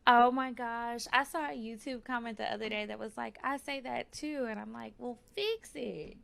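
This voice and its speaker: A woman's voice: fairly high pitch, fairly even intonation, normal speed, creaky, fairly bright tone. A woman with a Southern US accent co-hosting a casual podcast chat, blunt, swearing freely and laughing often. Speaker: co-host.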